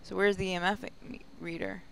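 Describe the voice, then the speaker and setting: Man, gaming host, casual let's-play chatter, high voice, bright and clear. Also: little pitch movement, a little fast. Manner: chatty, reacts aloud to the game.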